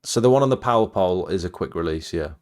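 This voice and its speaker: A man hosting a live stream, giving relaxed advice on roof cleaning gear in a casual chat. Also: sits low, fast. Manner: relaxed, advising, chuckles while telling stories.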